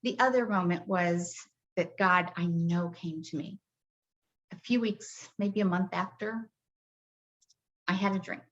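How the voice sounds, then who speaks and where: Soft-spoken middle-aged woman, lo-fi. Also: fairly low pitch, a little slow, pauses often. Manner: soft-spoken, heartfelt, with many hesitations. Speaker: guest, grief coach. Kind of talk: podcast interview. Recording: dull lo-fi audio.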